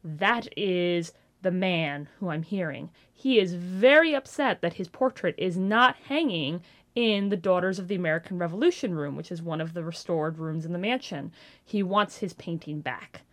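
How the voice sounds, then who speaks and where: A woman in her thirties, a ghost tour guide, telling stories in an animated way and acting out gasps and quotes in an interview. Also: on the low side, moderate pace. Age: 30s. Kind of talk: storytelling interview.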